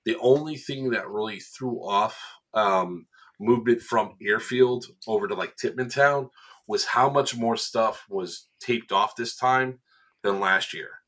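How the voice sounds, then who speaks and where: A man's voice: on the low side, measured pace. A man chatting casually on a podcast, animatedly recounting a game and acting out what people said. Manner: animated storyteller, acts out quotes with laughs. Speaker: event staff member recounting a game.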